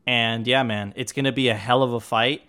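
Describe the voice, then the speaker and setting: A man's voice: mid-range voice, steady tone, a little fast, bright, forceful tone, clear, resonant tone. A man hosting a podcast in casual chat, enthusiastic and profane, often stumbling over and repeating words. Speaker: podcast host.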